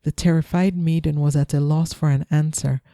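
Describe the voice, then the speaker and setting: A woman reads a folktale in a slow, soothing bedtime style. Her voice is very dark and mellow. The sound is close and dry. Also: low voice, fairly even intonation, no echo. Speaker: storyteller. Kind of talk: calm bedtime story reading.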